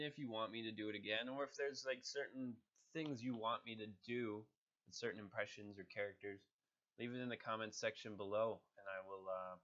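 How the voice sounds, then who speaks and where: A man with a low, bright-edged voice talks casually and a bit hesitantly about his impressions. He sounds nasal from being sick, and the home recording is dull and lo-fi. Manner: chatty, hesitant with fillers. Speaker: hobby voice actor. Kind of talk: casual talk to camera.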